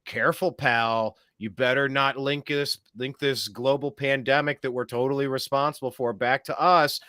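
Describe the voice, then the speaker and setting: A man's voice: medium pitch, fairly even intonation, normal speed, bright, forceful tone, no echo, clean studio sound, close to an everyday voice. A man putting on a threatening government spokesman who warns someone off. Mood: menacing. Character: menacing man speaking for a foreign government.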